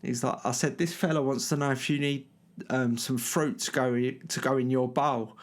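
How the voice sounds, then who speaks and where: A man's voice: medium pitch, fairly even intonation, normal speed. A middle-aged man, telling a rambling anecdote full of fillers and restarts. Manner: rambling, filler-heavy, lots of "you know what I mean". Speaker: storyteller. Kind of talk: casual anecdote.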